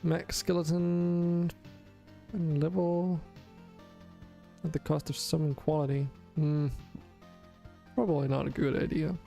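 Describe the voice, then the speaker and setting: A man's voice: fairly high pitch, level tone, measured pace, gravelly, long pauses, mellow, faint music behind. A man casually talking through his gameplay on a stream, rambling, drowsy and self-correcting as he goes. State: yawning, sleepy.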